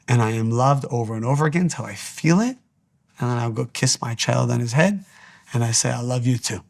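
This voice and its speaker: A man's voice: medium pitch, gravelly. A man giving an earnest spiritual teaching talk, urging his listeners with repeated short exhortations.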